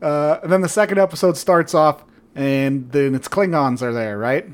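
A man with a high-pitched voice co-hosts a podcast in casual chat. His retelling is animated, sarcastic and full of swearing. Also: normal speed. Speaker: podcast co-host.

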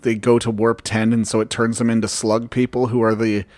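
A man's voice: fairly low pitch, level tone, brisk, darkish tone, no room sound. A young adult man co-hosting a podcast in casual chat, with crude, joking banter. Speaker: podcast co-host.

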